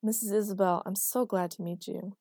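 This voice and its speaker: A woman's voice: mid-range voice, fairly even intonation, fairly quick, warm tone, dry recording, clean studio sound, close to an everyday voice. A woman voicing a blunt, literal-minded young woman who asks frank, curious questions.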